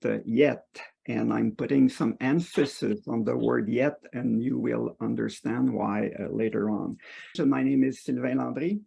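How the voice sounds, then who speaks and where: Gravelly, husky man. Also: medium pitch, mellow. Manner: halting, frequent fillers. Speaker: meetup facilitator and professor. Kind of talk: online meetup introduction.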